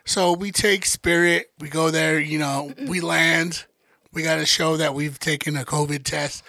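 A man hosting a podcast, telling a travel story in an animated, profane, casual way into a podcast microphone. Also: on the high side, a little slow, creaky, no room sound. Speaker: podcast host.

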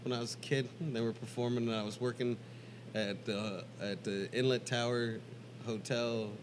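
A man's voice: medium pitch, steady tone, moderate pace, noisy background. A man co-hosting a podcast, telling a casual anecdote and stumbling over restarts. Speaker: podcast co-host. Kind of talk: casual chat.

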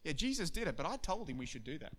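A man voicing a boastful male disciple who brags about his miracles in rapid one-upping bursts. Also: fairly high pitch, big pitch swings.

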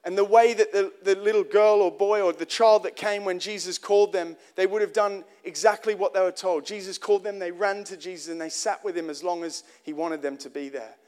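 A man's voice: sits high, steady tone, fairly quick, hardly any pauses, a little mellow, smooth. A man preaching a sermon in an earnest, conversational way, often restarting phrases and asking the congregation direct questions.

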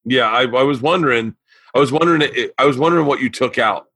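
Bright, eager male podcast host. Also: medium pitch, fast talker, husky, no room sound. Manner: enthusiastic, swearing, repeats himself. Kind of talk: casual interview chat.

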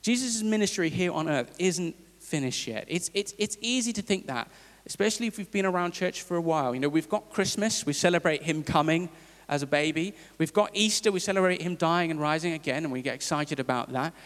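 A man preaching a sermon in a conversational, halting way, with fillers and restarts. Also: on the high side, fairly bright tone. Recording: long hall reverb.

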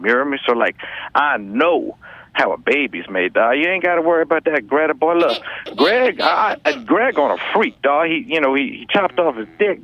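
A man's voice: a little high, no room sound, muffled recording. A man in a comedic rapper persona, rambling in slang and tagging nearly every line with a filler catchphrase. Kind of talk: comedic in-character chat.

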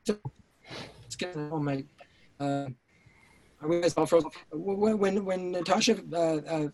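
A man guest on an interview podcast, telling stories intensely, swearing and restarting his sentences, speaking over a remote call. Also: fairly high pitch. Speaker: writer-director guest. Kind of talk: casual interview storytelling.

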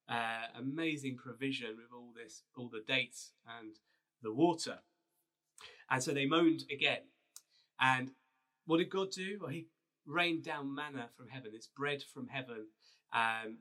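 Bright-voiced man preaching casually. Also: mid-range voice. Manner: storytelling, conversational with restarts and fillers. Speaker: pastor. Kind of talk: sermon.

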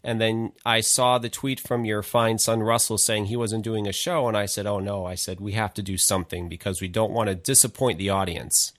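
A man hosting a casual live talk show in a chatty, informal way with halting restarts. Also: fairly low pitch, steady tone, a bit bright, no room sound, clean studio sound. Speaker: host. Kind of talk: casual chat.

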